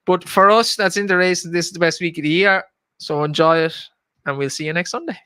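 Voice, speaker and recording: A young Irish man with a bright, smooth voice chats his way through a podcast, filling pauses with "uh" and ribbing his co-hosts. He sits a touch above the usual male pitch, and the sound is dry and close. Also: dry recording. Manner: chatty, teasing, swears casually, lots of filler "uh". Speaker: podcast host. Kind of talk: casual chat.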